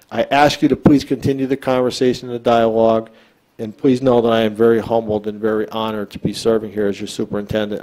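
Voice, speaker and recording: Superintendent type, American man, earnest public address, mellow tone, emphatic restarts. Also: lowish voice, poor audio. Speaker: school superintendent. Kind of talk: public address at a school board meeting. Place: school board meeting room.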